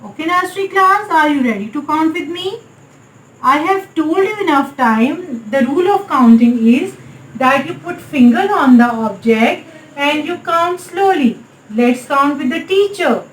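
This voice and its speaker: Woman, Pakistani English accent, nursery teacher, unhurried sing-song delivery, echoey classroom. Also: high-pitched, animated, slight background noise. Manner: slow, sing-song, repeatedly addressing the class. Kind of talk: recorded online maths lesson for small children.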